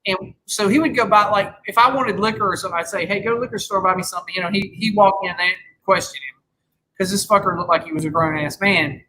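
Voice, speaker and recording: Rambling, cussing man with a bright voice. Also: sits high, fast, slight background noise, low-quality recording. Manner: rambling, swears freely, many restarts. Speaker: podcast host. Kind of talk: casual chat.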